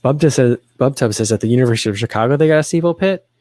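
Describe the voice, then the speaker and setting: A man's voice: medium pitch, expressive, very fast, dark tone, no echo. Chatty man hosting a running livestream. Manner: rambling, self-deprecating, with frequent restarts and fillers. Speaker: livestream host reading chat questions. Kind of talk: casual livestream chat.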